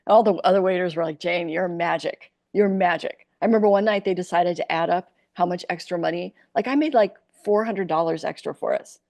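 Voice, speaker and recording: A comic actress from Iowa shares candid stories in a podcast interview, animatedly playing the people in them. Her lowish voice comes fast with hardly any pauses, on a dry recording.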